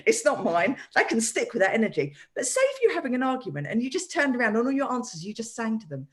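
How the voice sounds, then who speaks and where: A woman with an animated manner, chatting casually as co-host and laughing easily. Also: a little high, fast. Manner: animated, laughs easily, many "you know" fillers. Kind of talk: casual chat.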